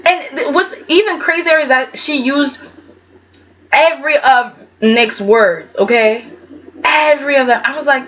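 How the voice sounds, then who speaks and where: A woman's voice: sits high, a little slow, a bit bright, muffled recording. A woman giving a casual, sassy vlog review of a soap opera, talking emphatically and tagging her points with "okay?".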